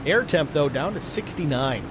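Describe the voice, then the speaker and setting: Male play-by-play host, higher pitch, noisy broadcast audio. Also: animated. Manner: brisk, matter-of-fact race calls. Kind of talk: sim racing play-by-play commentary.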